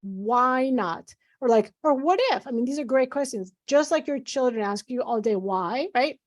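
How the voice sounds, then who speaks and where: A woman's voice: high voice, normal speed. A middle-aged woman, a physician guest, speaking earnestly and animatedly in a conversational interview.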